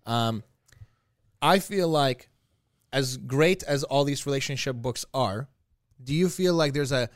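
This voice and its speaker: A man in a relaxed conversation who rambles, restarts and hunts for the right words while he pushes back on his co-host. His voice is smooth and clear, and it is recorded dry and close. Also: mid-range voice, measured pace, long pauses, no echo. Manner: rambling, searching for words, challenging. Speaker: podcast co-host. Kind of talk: casual chat.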